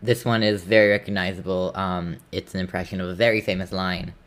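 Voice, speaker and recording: A man's voice: low-pitched, little pitch movement, brisk. A man co-hosting a podcast, chatting casually and rambling with lots of fillers. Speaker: podcast co-host. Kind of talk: casual chat.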